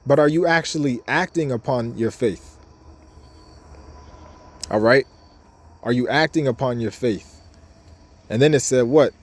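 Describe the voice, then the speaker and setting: A man's voice: medium pitch, a little slow, long pauses. A man giving an informal scripture lesson in a casual, repetitive way, reading verses aloud between his own comments. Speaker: bible teacher.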